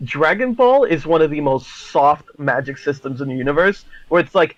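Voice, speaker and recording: A young man in casual podcast chat, excitable and swearing freely. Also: fairly high pitch, moderate pace, hardly any pauses, lo-fi sound. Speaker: podcast co-host.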